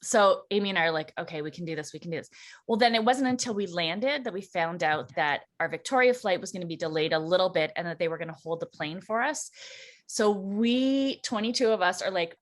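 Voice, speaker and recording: A woman's voice: mid-range voice, a little fast. A woman co-hosting a church chat show, telling a travel story with lots of laughter and acted-out voices. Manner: animated, acts out quoted voices, laughs often. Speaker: co-host.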